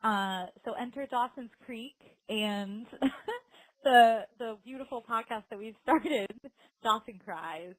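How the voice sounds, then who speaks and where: A woman's voice: on the high side, slow, no echo, rough recording. A woman co-hosting a podcast in casual chat, laughing often and talking with lots of fillers. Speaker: podcast co-host.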